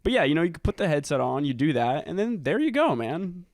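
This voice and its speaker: A man's voice: fairly high pitch, big pitch swings, quick pace, no room sound, clean studio sound. A young man co-hosting a podcast in casual, crude banter, rambling and trailing off mid-sentence. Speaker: podcast co-host.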